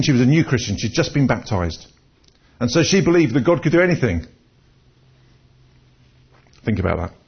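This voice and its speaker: Husky-voiced male preacher, conversational sermon. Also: medium pitch. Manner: conversational, storytelling, repeats words when restarting. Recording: dull lo-fi recording.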